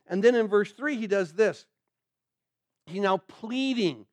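A man with a high voice preaches an earnest sermon, working through scripture verse by verse. He keeps asking the congregation questions and answering them himself. The sound is close and dry, with no room echo. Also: lively intonation, a little slow. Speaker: pastor. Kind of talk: sermon, verse-by-verse Bible teaching.

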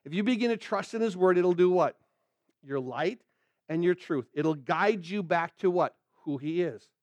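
A man's voice: sits high, lively intonation, moderate pace, a little mellow, dry recording, highs cut off. A man preaching a verse-by-verse sermon as a pastor, earnestly quizzing his listeners with questions he answers himself. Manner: asks the room rhetorical questions and answers them. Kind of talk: sermon, verse-by-verse Bible teaching.

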